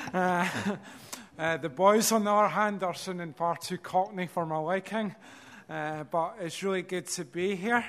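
A man's voice: high voice, fairly bright tone. A man with a Scottish accent, a visiting preacher who talks and prays earnestly and from the heart, with hesitant fillers. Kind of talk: sermon and spoken prayer.

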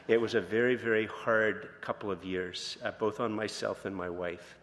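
Man, pastor, conversational sermon, informal storytelling, lowish pitch, long hall echo. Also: fairly even intonation, unhurried, a bit bright. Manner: informal and candid, many fillers and restarts. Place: church sanctuary.

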